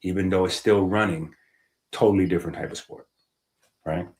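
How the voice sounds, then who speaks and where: Male streamer with a slightly low voice, emphatic and rhetorical, casual monologue. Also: fairly even intonation, moderate pace, darkish tone. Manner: emphatic, rhetorical, checks in with "right?". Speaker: health streamer. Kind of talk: casual monologue reading from a book.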